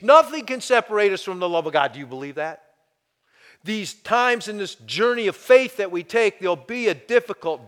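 Preaching man in a reverberant hall. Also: high-pitched. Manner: animated preaching, rhetorical questions, sudden drops to hushed tones. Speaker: pastor. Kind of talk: sermon.

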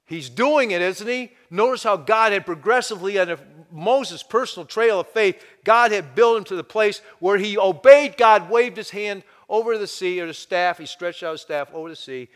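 A man preaching a sermon, firing rhetorical questions at his listeners and dropping to a hushed voice now and then. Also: high voice, moderate pace, big-room sound. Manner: animated preaching, rhetorical questions, sudden drops to hushed tones. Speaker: pastor.

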